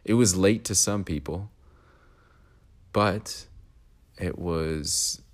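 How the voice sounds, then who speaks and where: A man with a very low, deep voice hosts a solo podcast. He talks through his thoughts in a reflective way, speaking his mind and keeping a steady rhythm to his speech. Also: drawn-out words. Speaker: podcast host.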